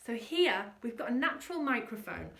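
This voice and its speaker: A woman voice coach leading an energetic vocal warm-up and demonstrating the exercises herself. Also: a little high, moderate pace, creaky, echoey room, recorded from a distance.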